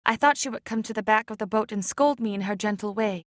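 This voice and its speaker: A woman reading an audiobook chapter aloud in a measured, expressive way. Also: mid-range voice, dry recording, studio quality. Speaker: audiobook reader. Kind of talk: scripted narration.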